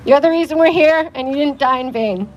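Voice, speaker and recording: A woman's voice: high voice, a little fast, highs cut off, faint music behind. A woman emceeing a street protest, emotional and emphatic. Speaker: rally emcee. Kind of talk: outdoor rally speech. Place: outdoors at a street protest with a crowd. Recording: noisy street with crowd.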